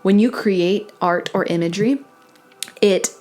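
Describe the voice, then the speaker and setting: A woman's voice: mid-range voice, measured pace. Meandering, dreamy woman tarot reader. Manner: dreamy, meandering, self-correcting with soft laughs. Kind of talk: intuitive tarot reading to camera.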